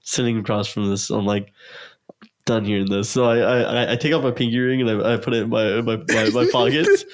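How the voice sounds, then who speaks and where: A man's voice: medium pitch, steady tone, a little fast. Rambling young man telling a story. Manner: rambling, filler-heavy, acts out quotes. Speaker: guest. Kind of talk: casual storytelling.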